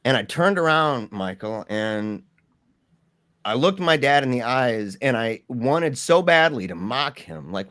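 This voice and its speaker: A young man telling his personal story in a candid, animated way with slangy asides. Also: mid-range voice, unhurried, no room sound, clean studio sound.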